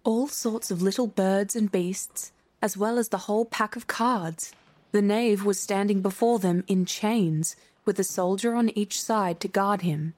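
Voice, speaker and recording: Woman storybook narrator, measured and clear, mid-pitched. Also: darkish tone. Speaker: audiobook narrator. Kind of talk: storybook reading.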